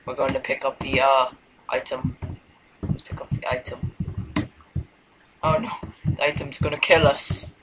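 A man's voice: medium pitch, little pitch movement, a little slow, pauses often, noisy background. A man giving casual let's-play commentary, rambling and hesitant, now and then dropping to a mumbled whisper. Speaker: gameplay commentator.

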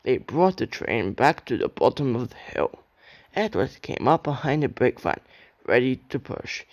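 A man's voice: medium pitch, big pitch swings, moderate pace, dry recording, dull audio. A young man reading a children's railway story aloud as an amateur narrator, with occasional slips.

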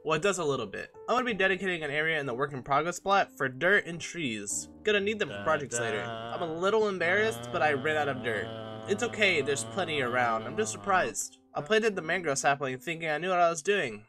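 A man's voice: a little high, lively intonation, brisk, over music. A young man giving a casual, joking and self-mocking voice-over on his own gameplay footage. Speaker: gaming channel host.

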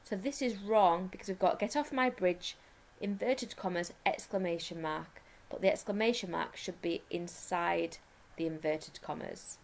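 A woman with an English accent, a primary school teacher giving a recorded lesson, explaining step by step and slowing down to dictate. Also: on the low side, creaky, a little hiss or hum.

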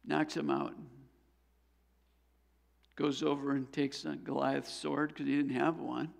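A man's voice: medium pitch, level tone, slow, creaky, long reverb tail. A man preaching a sermon as pastor, earnest and building to fervent exhortation. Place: church sanctuary.

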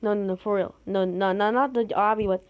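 A woman giving gameplay commentary, excitable, with sudden high outbursts. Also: brisk, dull audio. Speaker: gamer.

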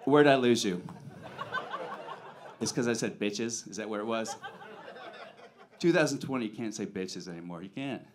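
A man's voice: lowish voice, expressive, normal speed, long pauses. A man doing a stand-up comedy set on a club stage, with a brash, profane, punchy delivery.

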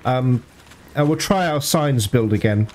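A man commenting on his gameplay, reacting with excited, panicky outbursts. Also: mid-range voice, unhurried, a little hiss or hum. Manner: excitable, panicky outbursts and laughter mid-fight. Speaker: let's play gamer.

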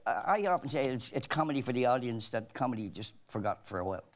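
A man's voice: mid-range voice, lively intonation, fast talker. An Irish man, a talk show guest, telling rambling anecdotes in casual chat with frequent restarts.

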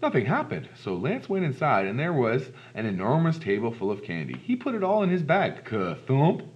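A man reading a children's storybook aloud in an expressive, animated way. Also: medium pitch, fairly quick. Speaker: storybook reader. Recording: dull lo-fi recording.

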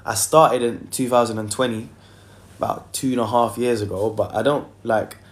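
A man's voice: mid-range voice, steady tone, moderate pace. A young man, chatting casually on a phone livestream and reading out viewer comments in a loose, filler-heavy way. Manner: loose and chatty, many fillers, sings softly in between. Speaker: singer hosting a livestream.

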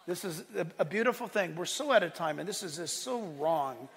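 A male pastor preaching a sermon, animated, swinging from loud exclaiming to quiet asides and laughing often. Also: high-pitched, a little fast, vocal fry, few pauses. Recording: long hall reverb.

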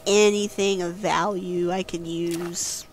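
A woman giving casual let's-play commentary as a guest host, jumpy and quick to yelp when frightened. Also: lowish voice, steady tone, slight background noise. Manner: jumpy, yelps and squeals when scared.

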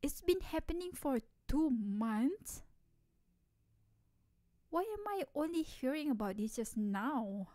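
A young woman voicing an energetic, teasing tomboy childhood best friend in an ASMR role-play, laughing often, recorded dry and close. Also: high-pitched, takes it slowly, long pauses, no room sound. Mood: playful. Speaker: ASMR voice actress.

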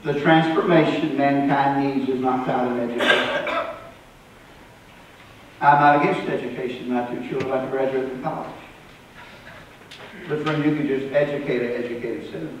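A pastor preaching a sermon, swinging between loud and soft and repeating words. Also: male voice, mid-range voice, steady tone, moderate pace, long pauses, a little hiss or hum. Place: church sanctuary. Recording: roomy live church recording from a distance.

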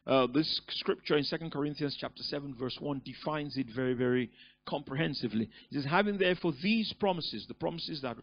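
Emphatic pastor, dull lo-fi recording. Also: male voice, fairly high pitch, brisk, slight background noise. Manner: emphatic preaching with sudden loud rises. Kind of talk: sermon.

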